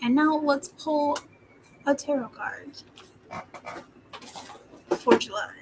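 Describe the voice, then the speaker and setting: A young woman vlogging casually as she plans her monthly goals, chatting and slipping into soft whispered asides while she writes. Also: high voice, takes it slowly, very noisy. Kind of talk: casual planning vlog.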